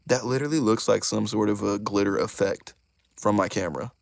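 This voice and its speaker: A young man hosting a casual live stream, excitable and chatty, talking straight to his chat. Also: lowish voice, a little fast, creaky, no room sound. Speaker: YouTuber host of a live stream.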